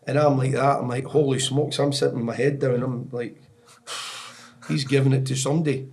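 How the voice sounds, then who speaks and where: A middle-aged Scottish man with a voice of ordinary pitch talks as a podcast guest. He tells his stories in a meandering way, leaning on "you know" and starting sentences over. He laughs easily as he talks. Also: steady tone, fairly quick, vocal fry, a little mellow. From Scotland. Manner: rambling anecdotes full of "you know" and restarts, often laughing. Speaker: podcast guest, soccer technical director. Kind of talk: storytelling podcast interview.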